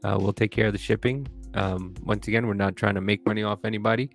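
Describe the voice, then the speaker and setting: A man co-hosting a casual podcast, profane and animated, jumping into a high yell when worked up. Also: fast talker, creaky, faint music behind. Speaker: podcast co-host.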